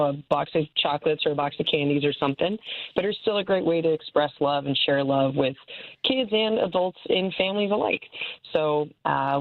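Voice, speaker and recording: Low-voiced young woman on a tinny line. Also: dry recording. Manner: upbeat, lots of fillers and laughs. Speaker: toy store assistant manager, guest. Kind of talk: call-in radio interview. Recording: tinny phone-like call line.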